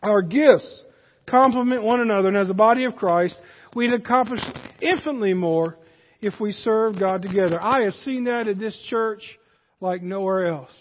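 A man's voice: high voice, moderate pace. A man preaching a sermon in a folksy manner that rises to emphatic peaks, heard in a church sanctuary. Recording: dull, hall reverb.

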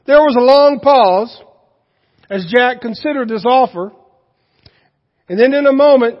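A man's voice: very high voice, a little slow, long pauses, long reverb tail, highs cut off. A male pastor delivering a sermon in a church, speaking conversationally and asking the congregation questions.

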